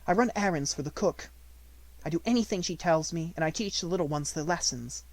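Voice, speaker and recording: A quiet, grave little orphan girl from a storybook, voiced by a male audiobook reader. She speaks softly and steadily, with an unbending calm. The sound is dry and close. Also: a little high, a little fast, no echo, voice pushed up, natural voice. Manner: soft, steady, unrelenting.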